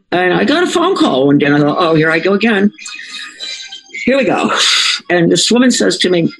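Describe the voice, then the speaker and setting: A woman's voice: fairly low pitch, sing-song, normal speed, gravelly, pauses often, breathy edge, rough recording. An older woman, a former school board member, telling a rambling personal story full of digressions and self-corrections.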